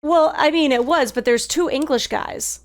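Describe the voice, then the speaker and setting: A woman with a high-pitched voice streams a video game at a normal pace, offering casual commentary as she muses aloud to herself and laughs at her own guesses.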